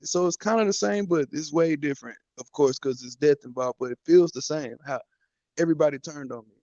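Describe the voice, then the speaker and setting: A man's voice: fairly high pitch, fairly quick, dark tone, dry recording, lo-fi sound. A man, a guest, talking emotionally and defensively, cursing and fighting back tears. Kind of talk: emotional call-in talk.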